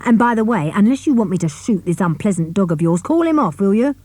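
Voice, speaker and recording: A cold, commanding villain threatens calmly, as a woman reads him. The tone is mellow and shifts lively in pitch. The audiobook sound is dry and close. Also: quick pace, dry recording, natural voice. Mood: cold menace. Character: menacing grown man villain, cold and threatening. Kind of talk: audiobook character reading.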